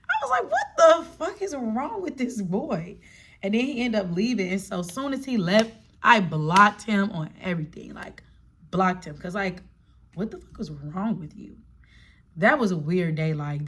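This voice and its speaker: Young woman vlogger, casual slangy storyteller, mid pitch. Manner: animated, slangy, talks straight to viewers.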